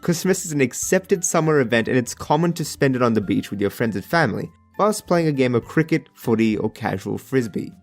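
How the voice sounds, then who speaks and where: An Australian man narrates a cartoon story in a jokey, sarcastic voice full of casual slang. His pitch sits in the middle of the male range. Soft music plays underneath him. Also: expressive, a little fast, hardly any pauses. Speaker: animated storyteller. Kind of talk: comedic voice-over narration.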